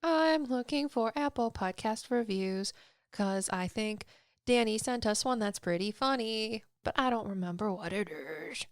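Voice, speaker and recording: A woman's voice: fairly high pitch, measured pace, smooth, no room sound, studio quality. A woman co-hosting a podcast, chatting casually, laughing often and trailing off as she reads listener stories and reviews. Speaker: podcast co-host.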